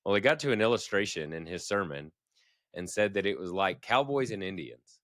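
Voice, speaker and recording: A man with a deep, low voice telling relaxed stories on a podcast, laughing lightly between points. The recording is dry and close, with no room sound. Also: a little fast, no room sound. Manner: easygoing, chuckling storyteller. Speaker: podcast co-host. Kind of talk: casual storytelling chat.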